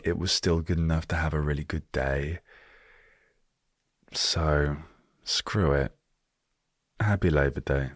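A man's voice: extremely low pitch, no room sound, clean studio sound. A British man hosting a solo storytelling podcast, talking with wry, self-deprecating humor. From Britain. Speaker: podcast host.

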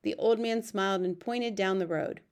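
Woman audiobook narrator, even measured storytelling voice. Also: medium pitch. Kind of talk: scripted narration.

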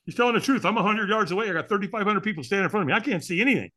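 A man talks as a podcast guest, telling his story with plenty of emphasis and tossing rhetorical questions at the listener. His voice sits a little high for a man. It swings widely up and down as he goes. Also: lively intonation, racing, hardly any pauses, sharp tone. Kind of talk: storytelling in an interview.

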